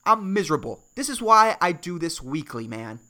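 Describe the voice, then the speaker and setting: A man's voice: fairly high pitch, sing-song, normal speed, bright, forceful tone. Rambling, swearing man on a comedy podcast. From Puerto Rico. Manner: rambling, swearing, swings between worked-up rants and mumbled asides. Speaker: podcast host. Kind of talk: solo comedy podcast monologue.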